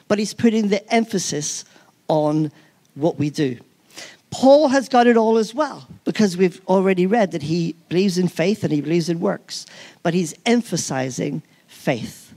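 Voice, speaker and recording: A man's voice: high-pitched, a little mellow. A man preaching a sermon, earnest and emphatic, repeating key phrases and often restarting his sentences. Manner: halting with frequent restarts.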